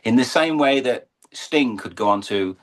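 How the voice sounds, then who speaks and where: A man's voice: medium pitch, lively intonation, moderate pace. A middle-aged English man, a horse and falcon showman, telling his story in an earnest, emotional interview. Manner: earnest, emotional, building to uplifting emphasis.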